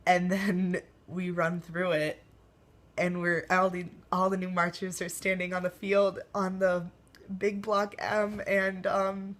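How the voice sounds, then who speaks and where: A woman's voice: lowish voice, flat delivery, slow pace, fairly bright tone. A young woman telling her day in a casual personal video diary, rambling with many ums and likes. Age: young adult. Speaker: vlogger and college marching band member.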